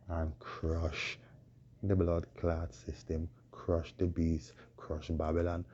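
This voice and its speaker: A man with a hoarse voice, preaching a proclaiming monologue full of repeated rhetorical questions. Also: low-pitched, steady tone, a little slow, dark tone. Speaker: self-styled preacher. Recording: dull lo-fi recording with faint noise.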